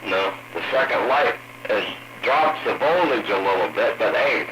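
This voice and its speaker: A man chatting on a CB radio channel, unhurried and hesitant. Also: on the low side, animated, lo-fi sound. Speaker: CB radio operator. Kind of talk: casual radio chat. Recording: noisy CB radio transmission.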